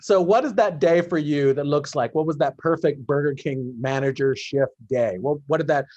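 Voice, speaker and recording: Higher-voiced man with dull dry audio. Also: normal speed, darkish tone, no room sound. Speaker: podcast host. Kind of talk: casual chat over a video call. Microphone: video call.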